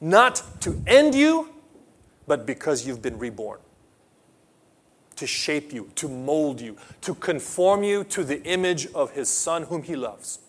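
A man preaching a sermon, emphatic, swinging between loud outbursts and quiet asides; English is not his first language. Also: on the high side, big pitch swings, a little slow. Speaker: pastor.

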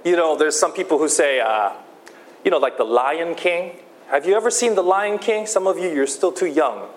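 A man preaching a sermon, slow and emphatic, often repeating his key phrases. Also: fairly high pitch, animated. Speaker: pastor.

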